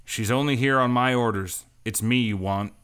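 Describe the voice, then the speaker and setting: A man's voice: lowish voice, steady tone, a little slow, a bit bright, smooth. A man voicing a nervous, eager young male bounty hunter who stammers when flustered. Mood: pleading. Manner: stammering, jittery.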